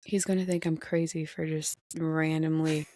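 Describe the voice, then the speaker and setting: A woman hosts a podcast and tells stories in an animated, gushing way. Her voice sits a bit low and sounds dry and close. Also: moderate pace, dry recording. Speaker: podcast host. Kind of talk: casual chat.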